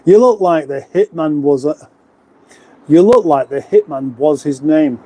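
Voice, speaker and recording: A middle-aged man from England chats his way through a relaxed livestream from his lockup garage, reading out viewer comments and poking fun at himself in rambling asides. His voice sits a touch high, with a warm, mellow tone. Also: unhurried. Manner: chatty, self-mocking, rambling asides. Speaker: livestream host. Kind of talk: casual live chat reading viewer comments. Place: lockup garage in front of a fridge.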